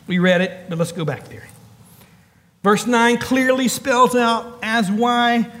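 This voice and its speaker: This pastor's voice is extremely high and fairly bright, ringing through a large hall as he preaches a sermon. He stacks up emphatic lists, calls out to the congregation with rising intensity, and slips in quick asides.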